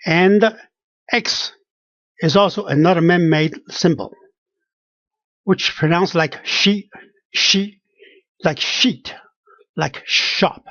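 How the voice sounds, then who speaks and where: A teacher giving a pronunciation lesson, halting and full of fillers, repeating each sound and example word. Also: medium pitch, fairly bright tone, no room sound, lo-fi sound. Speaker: language teacher.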